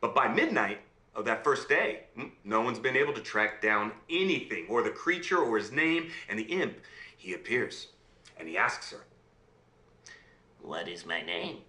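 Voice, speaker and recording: A man telling a fairy tale aloud in an animated way, often checking in with his listener. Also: medium pitch, a little slow. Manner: animated, checks in with "right?" and "okay?". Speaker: storyteller. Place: room on a video call. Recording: roomy room sound.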